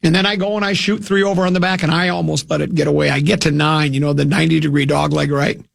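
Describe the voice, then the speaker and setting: A man's voice: on the high side, flat delivery, fast talker, vocal fry. A man hosting a sports talk radio show, telling a long rambling story in a casual, self-mocking way. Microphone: studio microphone.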